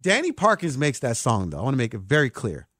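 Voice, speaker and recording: A man hosting a sports talk show, excitable and emphatic like a hyped fan. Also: mid-range voice, fast, no echo, studio quality. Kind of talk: animated sports podcast talk.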